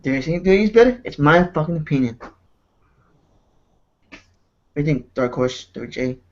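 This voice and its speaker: Brief: high-pitched male host, heated profane rant. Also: animated, normal speed, darkish tone, highs cut off. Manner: ranting, profane, repeats words. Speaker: show host. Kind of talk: heated casual chat.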